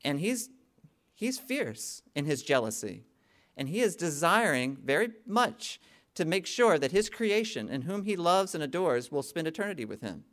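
A man's voice: fairly high pitch, sing-song, normal speed, fairly bright tone. Man preaching with emphatic rises. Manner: conversational preaching, rising to emphatic peaks; frequent "okay?" check-ins with the congregation. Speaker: pastor. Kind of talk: sermon.

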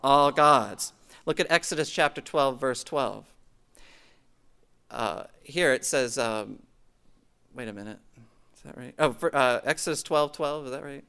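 A man's voice: mid-range voice, measured pace, gravelly, long pauses, fairly bright tone, clear, resonant tone. Man preaching a conversational sermon. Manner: conversational, frequent "okay?" check-ins, asides to the congregation. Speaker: pastor. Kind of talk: sermon teaching from scripture.

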